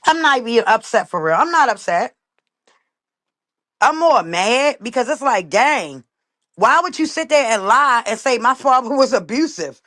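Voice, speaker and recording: A woman's voice: a little high, very animated, moderate pace, a bit bright. A woman talking on a casual livestream. She is emphatic and indignant, repeats her points and keeps calling out to "y'all".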